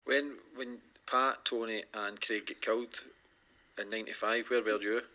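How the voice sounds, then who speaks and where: A low-pitched male podcast host speaks in a measured, explanatory way. His delivery stays even and level, and he alternates between commentary and questions for his guest.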